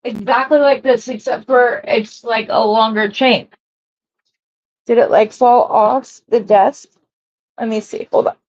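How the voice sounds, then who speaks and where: A woman's voice: on the high side, steady tone, measured pace, darkish tone, muffled recording. A woman hosting a jewelry-making live stream, chatting casually and rambling as she greets viewers and works.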